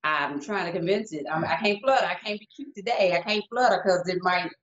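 A woman co-hosting a podcast in casual chat, an animated storyteller who acts out what people say. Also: on the low side, fairly quick. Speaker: podcast co-host. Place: home studio setup. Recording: dull lo-fi sound.

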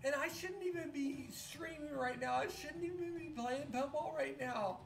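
A woman streamer, drunk and close to tears, talks in a halting, rambling, profane way with many restarts. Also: sits high, vocal fry. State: tearful. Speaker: pinball streamer. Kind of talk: emotional live-stream monologue. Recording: echoey room with faint music. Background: faint music.

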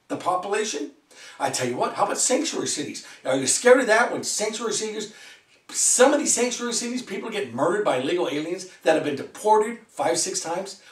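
Fast, heated ranting man, echoey room. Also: high-pitched, recorded from a distance. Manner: heated, rhetorical questions, swearing. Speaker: vlogger. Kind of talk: political rant. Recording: echoey room, away from mic.

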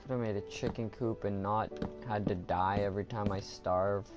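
A man's voice: fairly low pitch, fairly even intonation, normal speed. A man giving casual commentary while playing a game, chatting to viewers and groaning at his own mistakes. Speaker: gaming video host. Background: background music.

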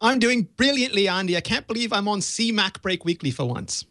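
Playful high-voiced man teasing. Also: expressive, a little fast, pushed and bright, no room sound. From Canada. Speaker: tech podcast panelist. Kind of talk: casual podcast chat.

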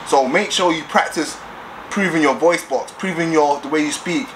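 A man's voice: a little high, expressive, brisk, fairly bright tone, a little hiss or hum, rough recording. A young man giving blunt dating advice in a casual vlog, repeating himself and using street slang. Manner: assertive, repetitive, streetwise slang.

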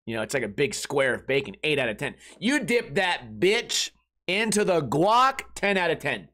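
A man's voice: on the high side, big pitch swings, normal speed, pushed and bright. A man hosting a comedy podcast, telling rambling, crude, jokey stories about his weekend in a casual way. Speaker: podcast host.

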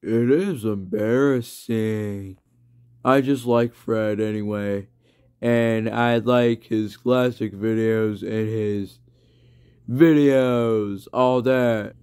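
A man's voice: fairly low pitch, fairly even intonation, very slow, a little mellow, clear, resonant tone. A young man making a silly, rambling home vlog in his bedroom, repeating words as he goes.

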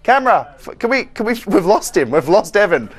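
A young man's high-pitched, husky, sing-song voice moves a little fast as he hosts a scavenger hunt across a TV studio and offices. It's playful banter: he teases his co-host, laughs frequently and yells mock orders.

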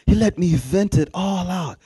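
A man preaching in a casual, animated way, telling a personal story and acting out the dialogue. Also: sits high, unhurried, breathy edge, no room sound. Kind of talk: sermon storytelling.

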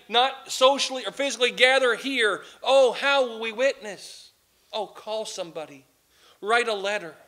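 A man's voice: extremely high pitch, bright, forceful tone. A man preaching a sermon as pastor, impassioned, with a repeating cadence.

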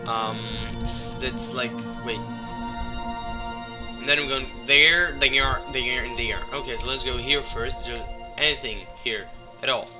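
A man with a hoarse, sick voice doing casual gameplay commentary, excitable and swearing as he talks to things in the game. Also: mid-range voice, unhurried. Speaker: let's play gamer. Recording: game music behind voice. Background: game music.

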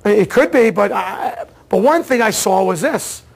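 A man teaching an automotive diagnostics seminar, telling a case story in a casual, excitable way and acting out the dialogue. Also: high-pitched, moderate pace, gravelly, slightly rough. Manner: casual slangy talk, repeats words. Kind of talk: seminar lecture.

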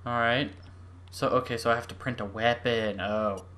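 A young adult gaming YouTuber giving excitable let's-play commentary, gushing and swinging from squeals to murmurs. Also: mid-range voice, moderate pace.

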